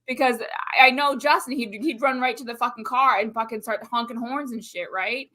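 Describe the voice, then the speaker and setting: A woman co-hosting a casual live-stream chat, telling a story in an animated, profane way. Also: on the high side, fairly quick. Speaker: co-host. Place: Central Florida.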